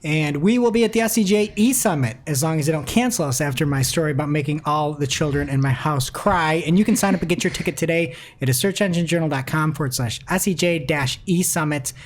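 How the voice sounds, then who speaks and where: A man in his thirties, co-host of a podcast, telling an animated, self-mocking anecdote in casual chat. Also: fairly high pitch, quick pace, hardly any pauses, a little hiss or hum.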